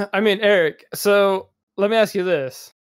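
A man chatting casually as a podcast co-host, a bit tipsy and excitable as he talks. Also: high-pitched, a little slow, smooth, no echo, clean studio sound. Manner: excitable, animated gamer talk. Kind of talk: casual chat among friends.

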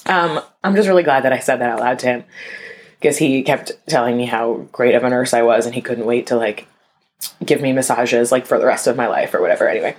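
Young woman with a very low voice, telling a story candidly and casually to an audience. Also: fairly quick. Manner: candid, conversational, frequent "like" fillers; addresses listeners as y'all.

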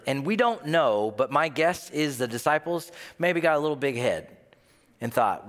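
A man's voice: on the high side, very animated, moderate pace, fairly bright tone. A man preaching a sermon, telling a story vividly and acting out the voices of the people in it. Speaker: pastor. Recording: long hall reverb.

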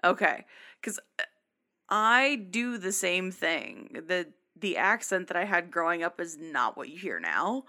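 A woman speaking in an unhurried, soft-spoken way in a casual podcast chat. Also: lowish voice, very animated.

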